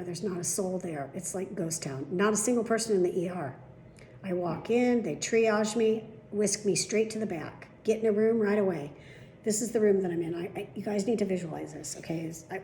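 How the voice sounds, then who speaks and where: A woman's voice: medium pitch, echoey room, a little hiss or hum. Chatty, profane woman vlogger. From United States. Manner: chatty, profane, animated retelling. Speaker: vlog host. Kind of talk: casual storytelling to followers.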